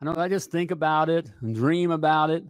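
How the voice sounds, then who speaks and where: A man's voice: on the high side, a little fast, no echo, studio quality. A man in his fifties hosting a live talk show, talking with pumped-up energy and constant "hey" and "all right" asides.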